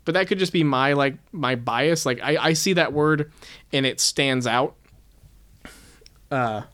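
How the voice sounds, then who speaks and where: A man's voice: mid-range voice, unhurried, a bit bright. A man co-hosting a casual book-discussion chat, talking in a thoughtful, self-questioning way. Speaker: podcast co-host.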